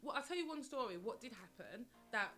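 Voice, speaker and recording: Animated woman telling her story. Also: a little high, brisk, faint music behind. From London, England. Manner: animated, dramatic retelling with acted-out quotes. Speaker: panelist. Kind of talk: candid storytelling chat.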